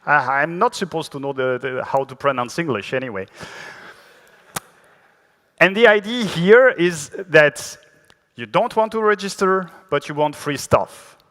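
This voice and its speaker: Speaking at a conference, this Frenchman delivers a technical talk with a French accent, joking at his own expense and stumbling through fillers and false starts. His slightly high, fairly bright voice has lively intonation and a measured pace, echoing with long reverb in the big hall.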